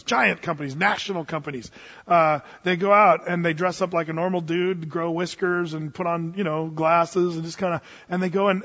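High-voiced man preaching with stories. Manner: animated, acts out voices in his stories. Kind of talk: storytelling sermon. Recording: muffled sound with long reverb.

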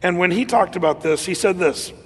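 A man preaching a sermon in a conversational, animated way, with laughs and fillers. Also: high-pitched, a little fast, slightly rough, in a large hall. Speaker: pastor.

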